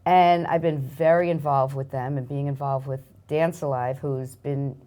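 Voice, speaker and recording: An older woman speaks in a strong New York accent with a low voice. She talks in a chatty, effusive way, and she makes light of herself. She sounds like a relaxed interview guest. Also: normal speed, dull audio. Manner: chatty, self-deprecating, warm and effusive. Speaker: guest, arts nonprofit marketing director. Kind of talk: casual interview chat.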